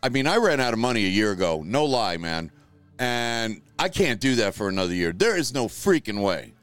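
A man's voice: on the low side, sing-song, normal speed, a bit bright, clean tone, no room sound, soft background music. A middle-aged man hosting a show from a spare room at home, talking in a blunt, rambling, profane way. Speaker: show host. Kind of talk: casual livestream talk.

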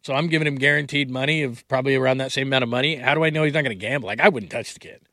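A man's voice: medium pitch, rapid-fire, bright, forceful tone, no echo, clean studio sound. A man, hosting a sports call-in radio show in an emphatic, conversational way. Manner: conversational and emphatic, with frequent fillers. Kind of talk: opinionated call-in radio monologue.

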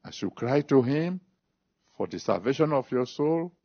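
Heard through dull, lo-fi audio, a man with a slightly rough voice and lively intonation preaches emphatically. He reads scripture, makes an altar call and prays, stretching phrases out slowly with large swings in pitch.

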